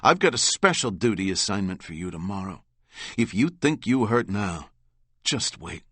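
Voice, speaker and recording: A man's voice: lowish voice, big pitch swings, normal speed, a bit bright, husky, no room sound, full character voice. A man voicing a brutal, mocking overseer. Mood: menacing. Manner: threatening, mocking. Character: brutal bullying male orphanage overseer, menacing. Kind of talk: audiobook reading.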